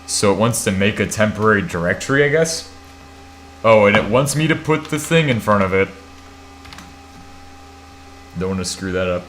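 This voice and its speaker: A man's voice: fairly low pitch, animated, brisk, a bit bright, a little hiss or hum. A sleepy American man on a live stream, thinking aloud as he types commands, swearing now and then and poking fun at himself. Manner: thinks aloud while typing, swears, self-mocking. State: half asleep. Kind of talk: casual live-stream chat.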